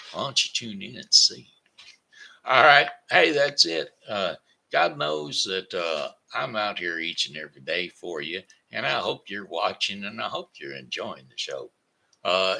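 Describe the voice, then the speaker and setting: Man, live-stream host, gravelly voice, sharp bright tone, folksy rambling chat. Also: deep voice. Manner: folksy and rambling, with chatty asides; breaks into a homespun goodbye song. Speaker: host of his own daily live show.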